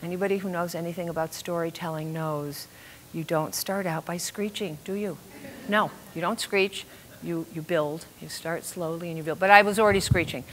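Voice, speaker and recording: Bright, lively older woman storyteller. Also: mid-range voice, slight background noise. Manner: lively, self-mocking, acts out the quoted voices. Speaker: storyteller on stage. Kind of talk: comic personal storytelling to a live audience.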